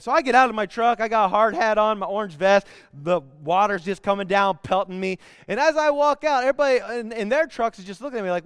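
A man delivers a sermon in a high, clear, resonant voice. He tells stories with animation and sometimes bursts into song. The sound is dry and close. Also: lively intonation, fairly quick, fairly bright tone, dry recording. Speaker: pastor.

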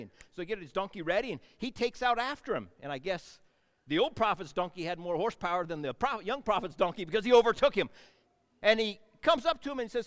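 A man's voice: high-pitched, lively intonation, quick pace, a bit bright, big-room sound. A man preaching a sermon, retelling a scripture story in a conversational, folksy way with playful asides.

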